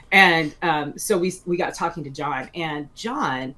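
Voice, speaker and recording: This guest author, a woman in her forties, wanders through anecdotes in a casual interview, often restarting, using many fillers, and laughing a lot. Her deep voice has a sharp tone and an unhurried pace.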